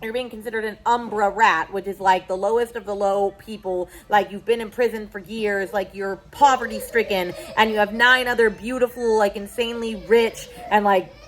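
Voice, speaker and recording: A woman's voice: mid-range voice, steady tone, moderate pace, few pauses. A woman, chatting casually at home in a book vlog, rambling and full of slang. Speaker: book vlogger.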